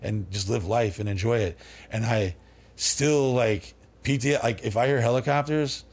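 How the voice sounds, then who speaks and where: A man's voice: medium pitch, steady tone, moderate pace, breathy edge. A man as a podcast guest, telling long rambling stories with lots of swearing, fillers and restarts. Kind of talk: casual storytelling.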